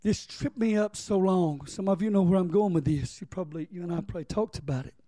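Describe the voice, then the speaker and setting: High-voiced pastor preaching. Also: male voice, fast, warm tone, dry recording. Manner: preaching, reading scripture and asking the congregation to respond. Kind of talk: sermon.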